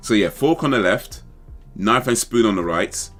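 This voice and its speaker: Deep-voiced rambling man. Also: expressive, normal speed, fairly bright tone, soft background music. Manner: rambling, thinks aloud, questions himself. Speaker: livestream host. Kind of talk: casual livestream chat.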